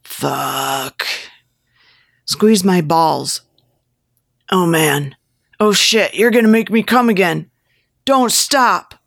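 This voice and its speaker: A woman's voice: low voice, lively intonation, unhurried, creaky, no room sound, clean studio sound, heavily acted. A woman voicing a pushy, lecherous male photographer who coaxes and gives step-by-step instructions in an erotic audiobook. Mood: aroused. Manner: coaxing, giving step-by-step instructions.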